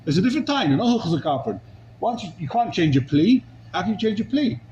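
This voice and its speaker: A man's voice: sits high, sing-song, quick pace, darkish tone, muffled recording, a little hiss or hum. A man teaching a Talmud class, arguing a legal case with rhetorical questions and Hebrew and Aramaic terms.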